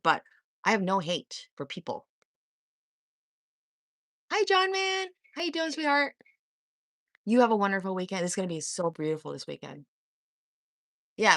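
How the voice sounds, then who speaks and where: A woman hosts a live stream and argues straight at her viewers, confrontational and sarcastic, with swearing. Her pitch leaps up and down as she talks. The sound is dry and close, with no room echo. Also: fairly bright tone. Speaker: livestream host. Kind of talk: heated live-chat monologue.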